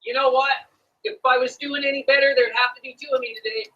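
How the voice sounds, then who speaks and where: A man's voice: extremely high pitch, steady tone, fast, sharp tone, far from the mic. A man with a Canadian accent, enthusiastically telling a sales story to a room as guest speaker, heard over a phone line. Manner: enthusiastic storyteller, addresses "folks".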